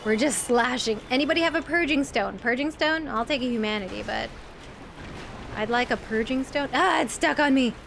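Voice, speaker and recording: High-voiced woman streaming a game. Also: moderate pace, vocal fry, fairly bright tone, a little hiss or hum. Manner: chatty, shrieks and squeals at sudden enemies; talks to viewers in chat. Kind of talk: live gameplay commentary.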